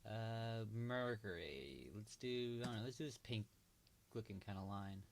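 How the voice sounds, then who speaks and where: A man's voice: lowish voice, measured pace, gravelly, slight background noise. A man hosting a casual livestream, thinking aloud with hesitant, trailing remarks as he marks up a chart. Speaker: livestream host.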